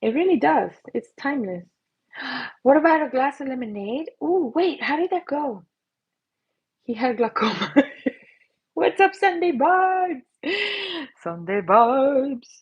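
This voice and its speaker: A middle-aged woman chats playfully on a livestream while she paints, unhurried and a little breathy. She slips into silly voices and whispers. The stream audio sounds dull and lo-fi. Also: sits high, lively intonation. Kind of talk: casual live-stream chat while painting. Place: at her painting desk.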